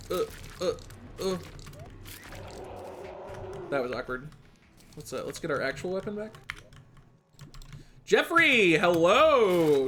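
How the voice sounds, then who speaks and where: Male streamer, high and very expressive, casual self-talk commentary; faint background music. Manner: animated, talks to himself, sudden yelps and laughs. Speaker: speedrunner streamer. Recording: faint music and keyboard behind.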